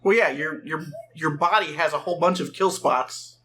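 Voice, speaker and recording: A man's voice: fairly high pitch, moderate pace, pushed and bright. A man chatting casually over a game, rambling a little and correcting himself, with dry jokes. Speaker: let's play co-host. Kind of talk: casual gameplay chat.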